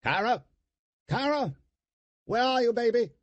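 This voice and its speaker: A man's voice: mid-range voice, big pitch swings, fairly quick, mellow, slightly rough, dry recording, dull audio, voice pushed up. A man voicing a protective middle-aged uncle who calls out urgently and then soothes.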